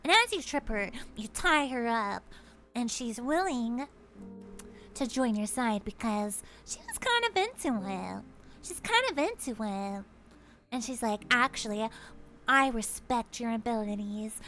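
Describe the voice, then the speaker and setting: A woman's voice: a little high, sing-song, measured pace, a bit bright, a little hiss or hum. A woman streamer telling a playful, giggly second-person fantasy story to her chat in casual livestream style.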